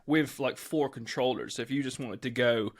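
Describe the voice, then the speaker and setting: A man co-hosts a podcast. His voice sits in a middle pitch, and he tells stories in a loose, animated, chatty way. He speaks into a podcast microphone. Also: moderate pace. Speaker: podcast co-host. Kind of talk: casual podcast chat.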